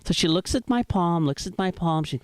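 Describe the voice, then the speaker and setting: A middle-aged man from Iraq, performing a stand-up set with deadpan delivery and quick voices for the people he quotes. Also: on the high side, clear, resonant tone, dry recording. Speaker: stand-up comedian. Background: audience laughter.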